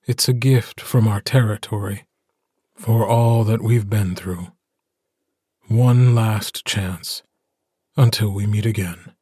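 Man doing a calm, slow werewolf alpha. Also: husky, dry recording, studio quality. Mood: tender. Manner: calm, tender, low and measured. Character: gentle, steady male werewolf alpha, a protector.

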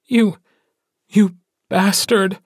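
A man's voice: high voice, level tone, measured pace, a little mellow, dry recording, studio quality, voice pushed up. A man voicing a grieving, hot-tempered young werewolf woman, widow of a pack alpha, in an audiobook. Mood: furious. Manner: raw, hot-tempered, on the edge of tears.

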